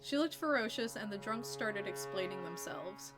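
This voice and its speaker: A woman streamer reading a story game aloud and chatting with viewers in a lively way, laughing between passages. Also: medium pitch, normal speed, over music.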